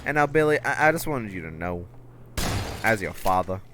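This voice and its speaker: A man voicing a blunt, rambling rural father in a put-on Southern accent, halting and repeating himself. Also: lowish voice, big pitch swings, noisy background. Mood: matter-of-fact. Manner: halting, repeats words, drawling.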